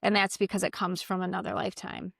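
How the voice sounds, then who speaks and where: A woman who works as a psychic medium, chatting earnestly and gently coaxing unseen spirits during a walk outdoors in a cemetery. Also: lowish voice, level tone, quick pace, vocal fry, dry recording, clean studio sound. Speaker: psychic medium and energy healer. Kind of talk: casual talk during a graveyard walk.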